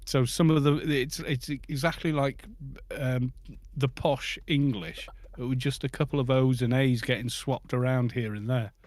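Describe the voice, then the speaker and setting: A man's voice: mid-range voice, steady tone, moderate pace, darkish tone, no room sound. A man with a Scottish accent chatting casually with friends in a game voice chat, rambling and restarting his sentences. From Scotland. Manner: rambling, restarts often, chuckles. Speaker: gamer on a group voice chat.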